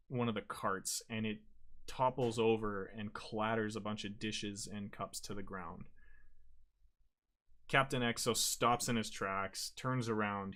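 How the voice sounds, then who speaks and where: Low-voiced man running a tabletop game. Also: fairly bright tone. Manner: halting, frequent restarts and self-corrections. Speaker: dungeon master.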